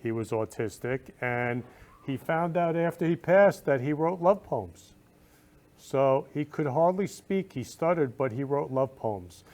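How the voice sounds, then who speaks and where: A man's voice: medium pitch, animated, measured pace, a little mellow. A man hosting a talk show, effusive and emotional, often repeating words of love. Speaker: host.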